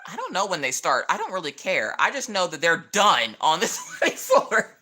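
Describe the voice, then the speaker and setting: Middle-aged Southern woman host, bright sassy chatter, lower voice. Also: wildly swooping pitch, normal speed. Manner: chatty, sassy, laughs often, jokey asides. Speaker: craft livestream host. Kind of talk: casual chat while coloring.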